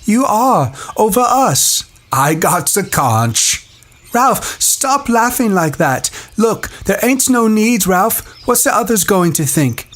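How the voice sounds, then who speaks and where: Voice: medium pitch, very animated, takes it slowly, a bit bright, exaggerated voice. Someone voicing Piggy, a fretful plump boy. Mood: pleading. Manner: pleading, defensive, colloquial speech. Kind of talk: audiobook dialogue.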